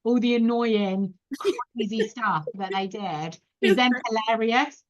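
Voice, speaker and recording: Lively woman telling stories. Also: on the high side, slow. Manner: animated, laughing, acts out quoted voices. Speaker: podcast guest. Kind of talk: casual storytelling chat. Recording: dull lo-fi podcast audio.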